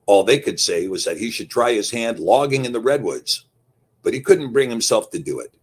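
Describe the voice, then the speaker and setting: A man narrating a story in a folksy, unhurried way. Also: medium pitch, animated, breathy edge. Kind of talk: scripted narration.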